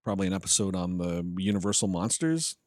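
Laid-back guy with a lowish voice, agreeable co-host, dry mic. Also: expressive, quick pace, a little mellow, dry recording. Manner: easygoing, agreeable, tells stories animatedly. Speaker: podcast co-host. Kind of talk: casual chat.

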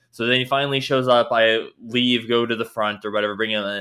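A man's voice: mid-range voice, level tone, fast talker, hardly any pauses, bright, forceful tone, clean tone. A man co-hosting a casual podcast chat, telling a story with lots of swearing and laughter. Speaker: podcast co-host.

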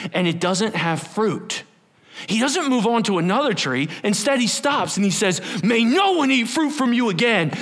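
A male pastor preaching a sermon, animated and storytelling, acting out the scenes as he goes. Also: high voice.

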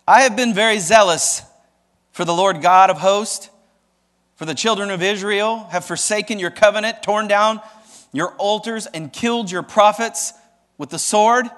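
A man voicing the weary prophet Elijah, pleading in loud, strained, rising bursts. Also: sits high, a little slow, in a large hall, pitched above the performer's own voice. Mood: indignant.

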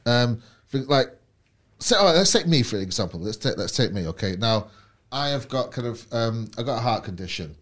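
A man talking in a relaxed chat. He rambles, hedges with fillers and restarts his sentences. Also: mid-range voice, moderate pace. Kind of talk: casual chat.

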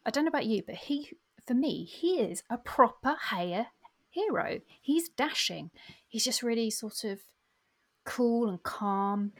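Gravelly-voiced woman chatting about books. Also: fairly high pitch, animated, measured pace. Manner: chatty and opinionated, trailing questions. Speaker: podcast co-host. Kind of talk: casual book chat.

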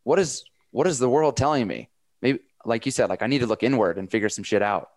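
A man hosting a casual podcast conversation, talking with eager, energetic enthusiasm. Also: medium pitch, fast, dry recording.

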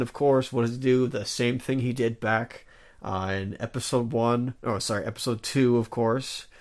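A man co-hosting a podcast, chatting casually in a rambling way with many fillers and restarts. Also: mid-range voice. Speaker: podcast co-host. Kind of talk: casual chat.

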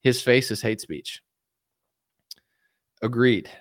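A man's voice: medium pitch, slow, no echo, studio quality. A man from the United States answering viewer questions in a casual, rambling, joking livestream chat. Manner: rambling, joking, reads viewer comments aloud.

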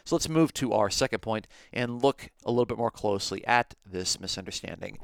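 A man's voice: medium pitch, no room sound, studio quality. A man teaching a podcast Bible lesson, explaining his points methodically and step by step.

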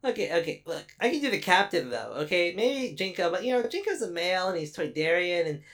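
Playful woman with a low voice. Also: sing-song, fast talker. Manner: mock-confident, playful. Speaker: player. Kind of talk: tabletop role-play banter.

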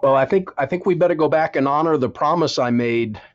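An author, appearing as a guest in an interview, gives earnest, preaching-style advice and repeats words for emphasis. His voice is on the high side and brisk, and the recording sounds lo-fi.

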